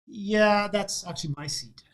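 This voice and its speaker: A man's voice: sits high, measured pace, fairly bright tone, pitched above the performer's own voice. A man playing a sad older widower. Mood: sad, deadpan. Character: sad older widower at soccer final, quiet.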